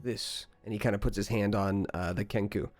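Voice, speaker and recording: Brief: male game master, low voice, halting and relaxed narration, dry sound, faint music behind. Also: no room sound. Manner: relaxed, halting, many fillers.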